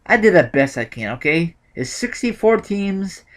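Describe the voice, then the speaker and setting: A man's voice: high voice, big pitch swings, moderate pace. A young man in a casual vlog, thinking aloud with lots of ums and self-corrections. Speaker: YouTuber sharing bracket picks.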